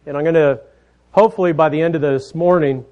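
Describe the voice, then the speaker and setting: A man in his thirties preaching a sermon, telling family stories in a folksy way, often dropping softer at the ends of his phrases. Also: on the high side, fairly even intonation, quick pace. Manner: folksy storytelling, trailing off softly at phrase ends. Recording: dull lo-fi sound.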